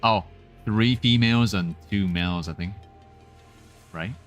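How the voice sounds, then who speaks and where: A man streaming a game, chatting in an excitable, rambling way and restarting his sentences often. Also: on the low side, unhurried, highs cut off, soft background music. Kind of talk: game reaction commentary.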